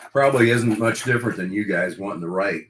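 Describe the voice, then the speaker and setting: A man's voice: on the low side, fast, fairly bright tone, a little hiss or hum. An older man, a veteran radio broadcaster, reminiscing in a casual podcast interview and rambling with restarts. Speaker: guest, longtime radio play-by-play broadcaster. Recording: echoey room.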